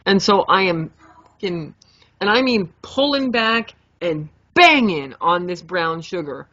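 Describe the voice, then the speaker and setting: A young adult woman co-hosting a podcast, telling a story in a lively, animated way, swearing freely and acting out her own reactions. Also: on the low side, measured pace, no echo. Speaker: podcast co-host. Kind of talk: casual storytelling chat. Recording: dull lo-fi podcast mic.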